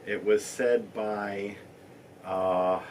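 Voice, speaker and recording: A man's voice: on the low side, fairly even intonation, extremely slow, darkish tone, recorded from a distance, slight background noise. A man answering trivia questions as a game show contestant, hesitant and filling gaps with uhs while he recalls the answers.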